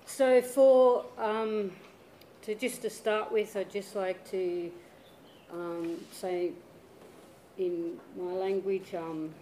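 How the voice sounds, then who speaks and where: A woman speaks slowly and evenly with a mellow tone, pausing on frequent fillers as she presents. Her voice carries with echo in a hall. Faint ambience sits behind her. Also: mid-range voice, fairly even intonation, a little hiss or hum. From South Coast of New South Wales, Australia. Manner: unhurried, many fillers. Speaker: conference presenter. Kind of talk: presentation talk. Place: lecture hall.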